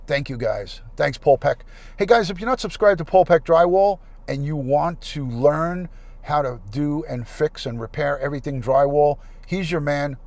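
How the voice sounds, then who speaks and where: A man's voice: medium pitch, darkish tone. A man hosting a casual livestream, chatting and thanking viewers by name into a plug-in mic. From United States. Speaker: livestream host.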